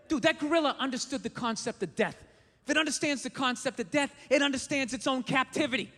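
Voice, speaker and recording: A man's voice: very high-pitched, fast talker, bright, forceful tone. A male stand-up comedian on a club stage, ranting and swearing in exasperation. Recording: live hall reverb, faint noise.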